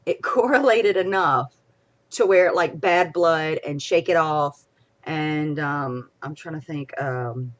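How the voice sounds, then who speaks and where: A young woman, talking casually on a live stream. Her voice sits a little low, and she rambles excitably, jumping from loud bursts to soft asides. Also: slow pace, muffled recording. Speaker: podcast co-host.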